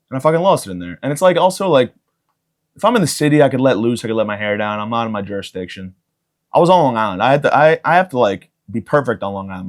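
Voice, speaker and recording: A man in his thirties hosting a comedy podcast, rambling through a profane solo monologue and jumping into loud excited bits. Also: mid-range voice. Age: 30s. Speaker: podcast host.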